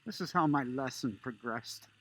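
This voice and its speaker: A man casually telling a personal story, relaxed and conversational with filler pauses. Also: medium pitch. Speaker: vlogger.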